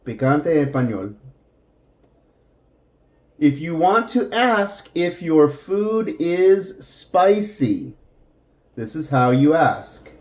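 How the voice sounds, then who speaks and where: Very slow-speaking male English teacher. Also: fairly high pitch, big pitch swings, darkish tone. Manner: speaks very slowly, drawing out example phrases for repetition. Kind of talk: slow English lesson for learners.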